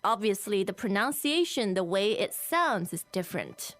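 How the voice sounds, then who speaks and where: A woman's voice: medium pitch, big pitch swings, fairly bright tone, soft background music. A woman teaching Mandarin as co-host of a language lesson, whose first language is Mandarin, saying phrases twice over to model them. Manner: models Chinese phrases slowly and repeats them.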